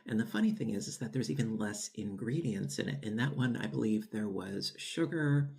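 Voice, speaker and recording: A man's voice: on the low side, lively intonation, normal speed, vocal fry, darkish tone. A man hosting a home baking channel, chatting casually and rambling with lots of fillers and restarts while tasting his bread. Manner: savoring food while talking. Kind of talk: casual cooking vlog talk.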